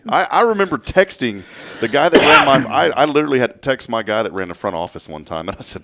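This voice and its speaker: A man co-hosting a morning radio show, telling stories in animated casual banter and laughing often. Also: medium pitch, fast talker.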